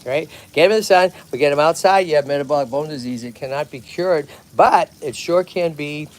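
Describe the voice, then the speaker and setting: A fairly high-pitched male voice speaks briskly. He's a Lowell, Massachusetts native with the local accent, hosting a tortoise rescue livestream outside at a tortoise pond, talking energetically and chattily while checking in with "okay?" and "right?"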